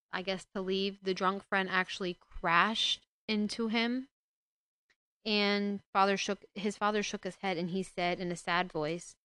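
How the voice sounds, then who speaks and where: A woman casually retelling a book and commenting on it, growing indignant and loud as she scolds a character. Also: medium pitch, smooth, no echo. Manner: indignant, gets loud and heated when scolding the father. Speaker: book discussion host.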